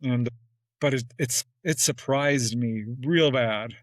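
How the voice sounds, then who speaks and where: Animated man telling a story, dry sound. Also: takes it slowly, dry recording, poor audio. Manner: animated, acts out quoted exchanges with jumps in pitch; laughs often between phrases. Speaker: podcast guest. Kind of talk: casual storytelling in an interview.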